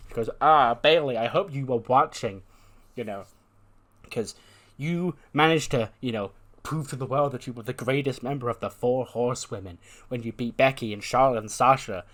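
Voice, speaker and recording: A man casually narrating a wrestling game, retelling each character's promo in quick, filler-heavy speech. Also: medium pitch, a bit bright. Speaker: let's-play narrator.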